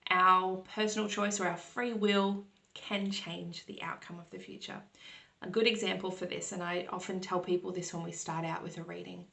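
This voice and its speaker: A woman's voice: fairly low pitch, little pitch movement, moderate pace, creaky, bright, forceful tone. A woman who reads tarot hosts a casual question-and-answer episode, explaining in a reassuring way and often checking in with listeners. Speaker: tarot reader and podcast host.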